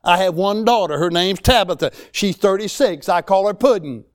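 A man's voice: sits high, moderate pace. A man, preaching a sermon in a folksy, emphatic way with rising exclamations. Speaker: pastor.

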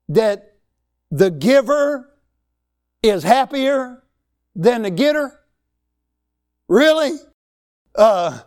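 A man's voice: sits high, darkish tone. A man, preaching a sermon in a folksy, emphatic way with rising exclamations. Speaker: pastor.

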